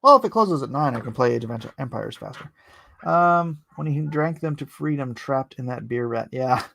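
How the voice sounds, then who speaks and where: A man's voice: medium pitch, expressive, moderate pace, vocal fry, a bit bright. A man chatting casually with his viewers while he inks a drawing live, rambling and joking as he answers the chat. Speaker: artist streaming live while inking.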